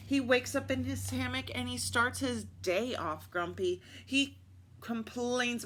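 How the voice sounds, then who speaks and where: A woman reading picture books aloud at story time, expressive and adding little asides to her listeners. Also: on the high side, measured pace.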